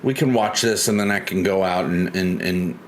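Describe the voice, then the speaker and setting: A man's voice: sits low, normal speed, slight background noise. A man hosting a casual live stream, chatting loosely and reading viewer comments aloud. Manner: chatty, reads chat aloud, loose and rambling. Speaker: livestream host.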